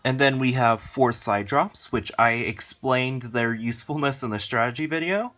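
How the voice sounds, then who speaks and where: Guy running thru his card deck, talks fast n rambles, lots of uhs and likes, medium pitch. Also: fairly bright tone. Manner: rushed, rambling, lots of fillers. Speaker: card game channel host. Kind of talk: casual deck walkthrough.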